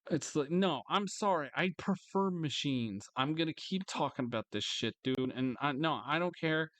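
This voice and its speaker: A man angrily ranting in a vlog monologue, swearing heavily, repeating himself and jumping into higher mocking voices. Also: animated, moderate pace, fairly bright tone, no room sound. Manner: frustrated, swearing, repetitive. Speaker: vlogger.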